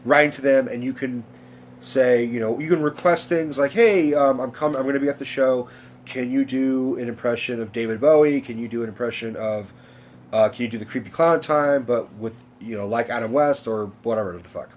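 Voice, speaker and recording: A man's voice: medium pitch, brisk, a little hiss or hum. A young man telling a rambling personal story to his vlog audience, swearing freely and cutting himself off. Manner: rambling, profane, self-interrupting. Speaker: vlogger.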